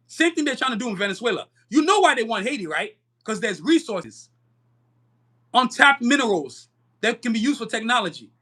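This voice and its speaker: Fiery podcast host, male, high-pitched and sharp, swears freely while preaching to his viewers. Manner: fiery, profane, preachy, addresses viewers as y'all. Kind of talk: live-stream commentary.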